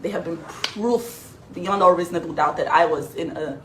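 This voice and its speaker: A woman's voice: on the low side, normal speed, fairly bright tone. A woman telling her side of the story in a casual vlog, earnest and defiant while holding back tears. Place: home kitchen. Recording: echoey room, faint background noise.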